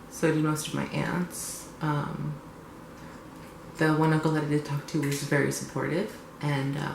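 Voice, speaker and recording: A young man vlogging casually and bluntly, sarcastic and quick to swear. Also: on the high side, vocal fry, roomy sound, a little hiss or hum, poor audio. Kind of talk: confessional casual vlog.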